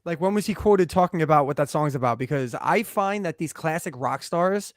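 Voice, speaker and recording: An excitable male podcast co-host who swears freely in casual banter. His voice sits quite high, and the recording is dry and close with little room sound. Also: a little fast, no room sound. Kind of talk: casual chat.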